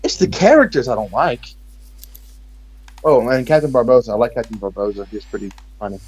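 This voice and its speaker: A man's voice: medium pitch, lively intonation, a little fast, a little mellow, husky, low-quality recording. A man from Texas speaking with an American accent, rambling and joking sarcastically in casual chat.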